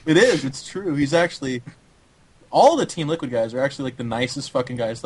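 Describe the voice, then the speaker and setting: A young man co-hosting a podcast in casual chat, sarcastic, profane and quick to laugh. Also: medium pitch, a little mellow, slight background noise, poor audio. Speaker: podcast co-host.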